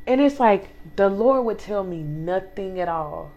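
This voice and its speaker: A woman's voice: mid-range voice, unhurried, lo-fi sound. A young woman co-hosting a casual faith podcast, telling a personal story with emphasis, talking straight to listeners and acting out what people said. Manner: animated storytelling, acts out quoted speech. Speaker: podcast co-host.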